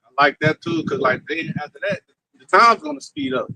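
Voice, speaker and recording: Male participant, high and gravelly, swooping animated delivery. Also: fairly quick, low-quality recording. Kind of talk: casual religious discussion.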